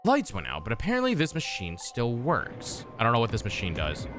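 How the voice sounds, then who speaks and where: A man's voice: medium pitch, huge pitch swings, a little fast, music in the background. A man streaming a game, rambling and swearing casually with many fillers.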